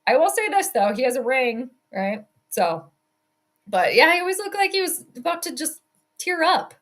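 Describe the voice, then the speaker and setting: Young adult woman, streamer host, high bright voice, excitable fan play-by-play with plenty of cursing. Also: normal speed. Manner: excited, swearing, rambling fan commentary. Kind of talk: live game commentary stream.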